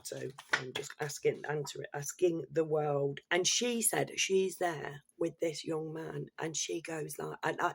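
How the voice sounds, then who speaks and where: A woman's voice: low voice, gravelly, slightly rough. A woman ranting bluntly and swearing freely, in an exasperated casual monologue. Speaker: commentator.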